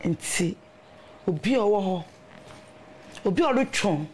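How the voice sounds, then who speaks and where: A middle-aged Ghanaian woman recounts her own story as a guest, her pitch rising and falling in a lively way. She tells it in animated bursts, with a light ambient hiss under the voice. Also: slow. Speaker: guest sharing her testimony. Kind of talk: casual testimony in conversation.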